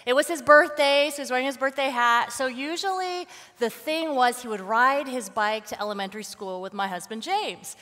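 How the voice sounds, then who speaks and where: A woman in her forties speaks as a guest at a church service and tells stories in a lively way. Her voice sits high. The sound rings with the long reverb of a large church hall. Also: normal speed, few pauses. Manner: warm storytelling, acts out her son's shouts. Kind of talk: Mother's Day sermon talk. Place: church sanctuary.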